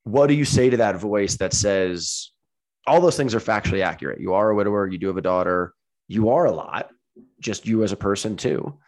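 A man's voice: lowish voice, a little fast, darkish tone. A man co-hosting a podcast, asking playful, teasing questions in casual chat. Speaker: podcast co-host.

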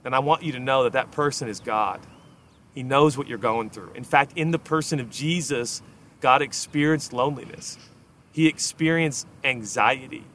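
A young adult man, a pastor delivering a sermon in a conversational, emphatic way, swinging between hushed asides and loud stresses. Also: mid-range voice.

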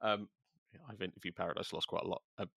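A middle-aged man with a somewhat low voice chats casually on a podcast. He rambles through long thoughts, stumbles over stammered restarts and keeps a wry edge. The sound is close and dry. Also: fairly even intonation, quick pace, gravelly, sharp tone, no room sound. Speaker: podcast host, music journalist. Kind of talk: casual chat.

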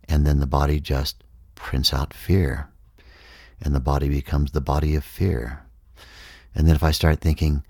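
Super deep voice guy, calm spiritual talk, dry close sound. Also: no echo. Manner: measured, explanatory, acts out inner voices. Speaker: speaker on consciousness.

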